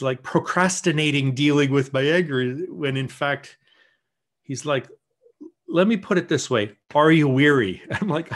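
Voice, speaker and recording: A man teaching in a church, telling a personal story in a candid sermon style, with some lines dropped to soft murmured prayer. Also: mid-range voice. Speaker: guest teacher.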